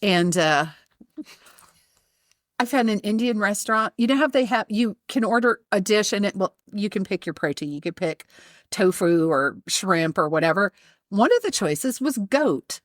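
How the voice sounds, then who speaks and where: A middle-aged woman co-hosting a podcast, telling a story in a casual, animated way, laughing often and acting out the people in it. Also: medium pitch, normal speed, no echo, clean studio sound. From not from Charleston. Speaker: podcast co-host.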